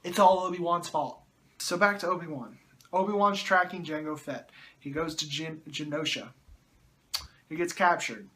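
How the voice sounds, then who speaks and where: A man's voice: fairly high pitch, moderate pace, sharp tone. A man reviewing a movie in a sarcastic, exasperated way, often groaning and mocking the dialogue.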